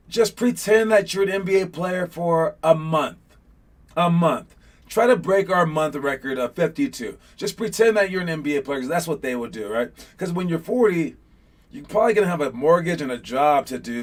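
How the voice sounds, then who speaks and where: A young man talks to his young basketball players in a loose, casual way. His voice sits a little on the high side. He rambles through fillers and gets animated when he retells a scene. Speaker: youth basketball coach. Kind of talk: casual motivational talk.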